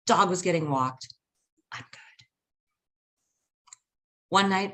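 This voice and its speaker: Animated woman telling a personal story. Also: on the low side. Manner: animated, acts out voices, laughs often.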